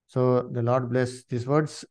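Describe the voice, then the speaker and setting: A man preaching a sermon, swinging from hushed pleading to loud emphatic exhortation and asking the congregation questions. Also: medium pitch, little pitch movement, slow. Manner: asks the congregation questions and calls on members to read.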